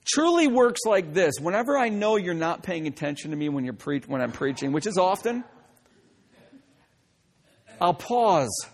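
A man's voice: sits high, big pitch swings, moderate pace, long pauses. A male pastor preaching a sermon, emphatic and direct, often breaking in with "listen" and joking asides.

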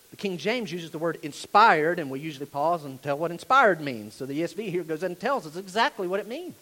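A man delivering a sermon in a church, his voice pitched high for a man. He leans hard on repeated phrases and lets his volume rise and fall sharply. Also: lively intonation, a little fast, hardly any pauses, rough recording. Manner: emphatic, repeats key phrases, varies loudness widely. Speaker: pastor.

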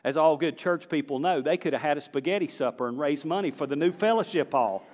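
A man delivers a sermon with a voice pitched a bit high for a man. He swings from quiet points to loud, emphatic exclamations, and a long reverb from the hall trails after each line. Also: a little fast. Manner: animated, rising to emphatic exclamations. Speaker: pastor.

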